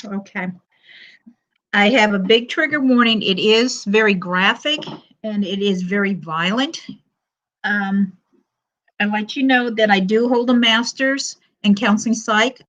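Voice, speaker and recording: An older woman telling a personal story on a live stream, halting, with pauses and fillers and quoted dialogue. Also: mid-range voice, fairly bright tone. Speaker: panel guest sharing her story. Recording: muffled lo-fi stream audio.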